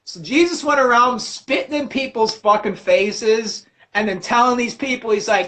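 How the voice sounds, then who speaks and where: A man hosting a livestream, ranting about religion with constant cursing and animated storytelling. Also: very high voice, normal speed, few pauses. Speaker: livestream host. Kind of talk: profane religious rant.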